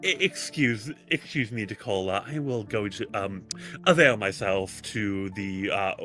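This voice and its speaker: A man's voice: lowish voice, a little slow, sharp tone, faint music behind, voice pushed down. A man voicing a haughty noble queen who stammers with fillers as she excuses herself. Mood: flustered, snooty.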